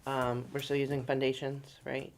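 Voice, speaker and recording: A woman's voice: rumbling low, completely flat delivery, normal speed, slight background noise. A woman on a school board asking questions about curriculum and training at a meeting. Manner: inquiring, asks short questions.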